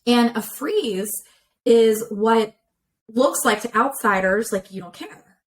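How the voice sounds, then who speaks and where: A woman's voice: on the high side, slow, rough recording. Woman therapist explaining patiently over a call. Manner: clear, explanatory, with many examples. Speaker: relationship therapist guest. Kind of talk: conversational interview explanation.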